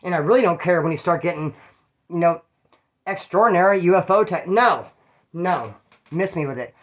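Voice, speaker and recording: A man's voice: sits high, expressive, moderate pace, a bit bright. A man from Bakersfield, California, telling prison stories in a slangy, profane, rambling way with frequent asides. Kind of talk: casual storytelling monologue.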